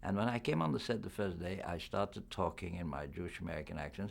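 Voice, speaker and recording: A man's voice: low voice, animated, quick pace, gravelly, hardly any pauses. An older man, a film actor, giving a candid, reflective press interview.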